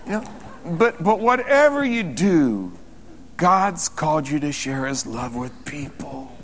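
A man preaching as a pastor, telling a story animatedly and acting out the dialogue as his excitement builds. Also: on the high side, takes it slowly, a little hiss or hum. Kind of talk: sermon. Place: church sanctuary. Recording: long reverb of a church hall.

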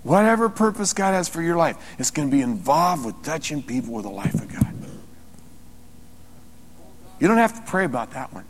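A man preaching as a pastor, telling a story animatedly and acting out the dialogue as his excitement builds. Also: fairly high pitch, normal speed, long pauses. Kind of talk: sermon. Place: church sanctuary. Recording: long reverb of a church hall.

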